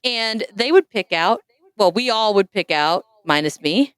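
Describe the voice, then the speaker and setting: A woman hosting a podcast, telling a self-mocking story in an animated, casual way. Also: medium pitch, measured pace, smooth, dry recording. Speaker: podcast host.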